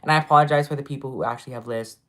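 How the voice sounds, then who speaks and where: A woman's voice: very deep voice, rapid-fire. A woman streaming casually, rambling with many fillers and talking to her viewers. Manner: repeats herself, trails off mid-sentence. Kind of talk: casual live-stream chat.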